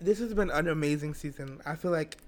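A man's voice: a little high, a little fast. A man co-hosting a podcast in casual chat, playful and teasing as he hypes up listeners. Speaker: podcast co-host.

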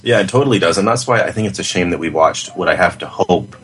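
A man co-hosting a podcast, giving measured, earnest opinions about a movie in casual chat. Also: low-pitched, fairly bright tone, slight background noise. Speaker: podcast co-host. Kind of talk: casual film review chat.

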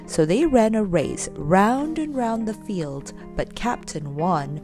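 Expressive woman reading a children's story. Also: mid-range voice, takes it slowly, few pauses, soft background music.

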